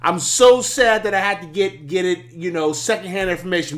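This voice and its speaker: A man hosting a live sports talk stream, excitable and profane, laughing often and repeating himself, his voice worn from yelling. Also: high voice, a little fast, few pauses.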